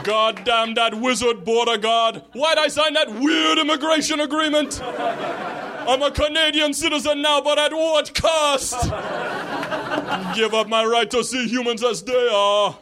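A comedian voicing a loud, incredulous male cab driver with a Jamaican accent who treats everyone like babies. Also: very high-pitched, level tone, a little slow, pitched above the performer's own voice. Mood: boisterous. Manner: loud, incredulous, mocking laugh. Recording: comedy club with loud crowd noise.

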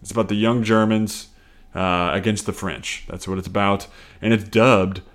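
Low-voiced man rambling on a solo podcast. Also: fairly even intonation, moderate pace. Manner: rambling, profane, self-deprecating, with frequent laughs. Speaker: podcast host. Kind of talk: casual solo comedy podcast.

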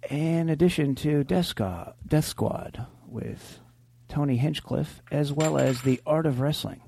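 A man co-hosting a podcast, talking in a dry, deliberate way. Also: on the high side, gravelly, dark tone, husky. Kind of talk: casual chat and sponsor reads.

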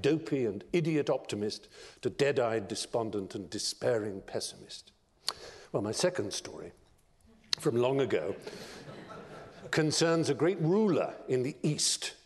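A man giving a lecture, telling stories in an expressive, theatrical narrating style. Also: mid-range voice. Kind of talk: dramatic storytelling lecture. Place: large lecture hall. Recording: long reverb of a large lecture hall.

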